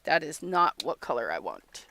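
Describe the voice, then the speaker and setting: A woman's voice: deep voice, very animated, normal speed, slight background noise. A woman hosting a casual crafting livestream, telling stories with lots of laughs, acting out little quotes and greeting viewers. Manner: chatty storyteller who laughs often and acts out little quotes; gives shout-outs to viewers while crafting. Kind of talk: casual live-stream chat.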